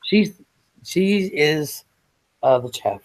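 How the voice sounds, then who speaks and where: A man hosting a late-night casual chat show, rambling and halting with fillers as he talks. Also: on the high side, expressive. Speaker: show host.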